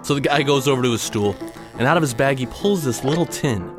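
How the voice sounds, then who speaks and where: A man's voice: mid-range voice, expressive, brisk, music in the background. A man telling a dramatic personal story in punchy, short clipped phrases.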